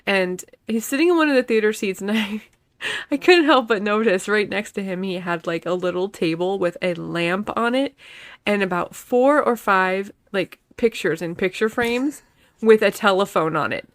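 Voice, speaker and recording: A woman's voice: mid-range voice, normal speed, dry recording, studio quality. A woman co-hosting a podcast, chatting casually and incredulously about a movie, often laughing. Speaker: podcast co-host. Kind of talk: casual movie recap chat.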